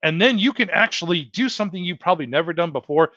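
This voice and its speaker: Earnest man, slightly high voice. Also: animated, quick pace, a bit bright, dry recording. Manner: earnest, repetitive, addresses viewers as folks. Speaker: livestream host. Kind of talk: heartfelt motivational livestream talk. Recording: dull lo-fi dry sound.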